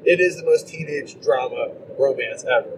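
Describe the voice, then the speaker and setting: A man co-hosting a podcast, chatting casually about movies in a rambling, animated way and acting out quotes in mocking voices. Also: mid-range voice, normal speed. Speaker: podcast co-host. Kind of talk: casual movie-review chat. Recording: distant mic with clear background noise.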